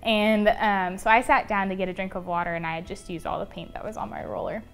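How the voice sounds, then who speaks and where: A woman's voice: mid-range voice, steady tone, fast talker, faint music behind. A young woman being interviewed, telling a personal story in a casual, chatty way, full of "um" and "like". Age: young adult. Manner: chatty, many fillers like "um" and "like". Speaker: interview guest.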